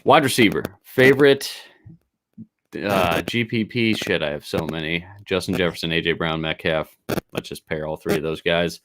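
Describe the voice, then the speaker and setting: A man co-hosting a fantasy football show in casual chat, brisk as he runs the segment with quick picks. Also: deep voice, fairly bright tone, no echo, low-quality recording. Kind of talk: casual sports betting chat. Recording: faint background noise.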